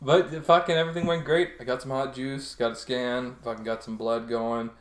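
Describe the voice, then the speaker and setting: A man's voice: medium pitch, flat delivery, normal speed, slight background noise. A young man co-hosting a podcast, telling a story in casual chat, swearing often and laughing as he goes. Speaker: podcast co-host. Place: a house. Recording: echoey room.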